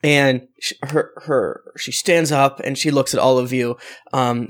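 A man's voice: medium pitch, fairly even intonation, a little slow. A man narrating a tabletop game as game master, rambling with many fillers. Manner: rambling, many fillers, laughs at own jokes.

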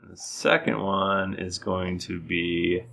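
A man's voice: low-pitched, level tone, slow, vocal fry, pushed and bright. A man running a tabletop game as game master, narrating the action in a playful, teasing way.

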